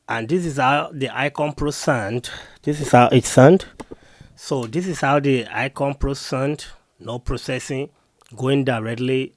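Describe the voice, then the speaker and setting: Man, mid-pitched, chatty gear demo to camera, dry close mic. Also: dry recording. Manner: repetitive, talks to viewers directly. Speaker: tech reviewer.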